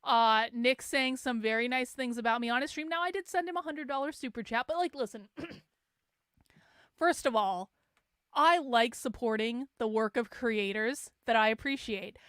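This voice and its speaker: A woman's voice: on the high side, a little slow, fairly bright tone, clean tone, dry recording, clean studio sound. A woman host talking casually and animatedly on her livestream, laughing often and admitting she is hungover. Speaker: show host.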